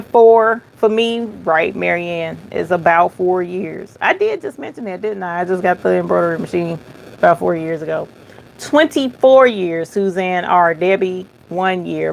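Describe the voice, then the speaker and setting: A middle-aged woman hosting an embroidery live stream, reading viewer comments aloud in a chatty, relaxed, folksy way and thinking aloud as she goes. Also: fairly low pitch, vocal fry. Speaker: embroidery channel host.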